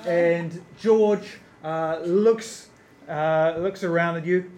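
Male game master, live stage show, slow and halting, echoey room. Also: a little high, darkish tone, a little hiss or hum. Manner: hesitant, full of fillers, amused. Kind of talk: live tabletop game narration. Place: stage in front of a live audience.

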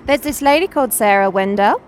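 A woman's voice: fairly high pitch, animated, brisk. A woman with an Australian accent, a bookseller chatting playfully and confidently in an outdoor interview. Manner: playful, chatty, self-assured. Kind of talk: casual interview chat. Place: outdoors at a windy festival area. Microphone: handheld digital recorder.

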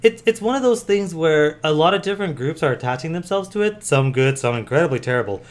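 A man co-hosting a casual podcast, blunt and quick to swear. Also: a little high, expressive. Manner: blunt, swears freely, fast. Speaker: podcast co-host. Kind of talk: casual chat.

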